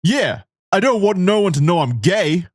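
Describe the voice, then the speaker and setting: A man's voice: high-pitched, big pitch swings, moderate pace, no echo, studio quality, voice pushed up. A man voicing a thirteen-year-old boy in an online chat, reading his lines in a raised, boyish voice.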